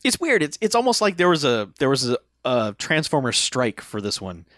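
A man co-hosting a laid-back movie podcast with a wry, offhand delivery and casual swearing. His pitch sits in an ordinary middle range, and the recording is dry and close, with no echo. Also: very animated, normal speed, fairly bright tone. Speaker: podcast co-host. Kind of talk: casual movie review chat.

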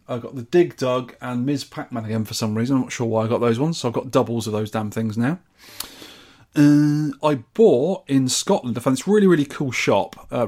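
A man's voice: mid-range voice, a little mellow. A man from the UK chatting casually and enthusiastically as a podcast host. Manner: chatty and enthusiastic, rambling with restarts. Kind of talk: casual chat.

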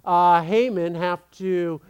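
A man's voice: high voice, steady tone, takes it slowly, clear, resonant tone, dull audio. A man preaching as pastor to his congregation in a casual, joking way, with many fillers and restarts.

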